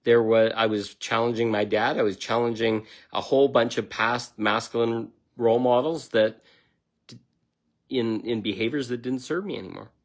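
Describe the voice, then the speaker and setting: A man's voice: mid-range voice, fairly even intonation, moderate pace. A middle-aged man giving a blunt, emphatic self-help talk, swearing freely as he tells a personal story. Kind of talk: motivational self-help monologue.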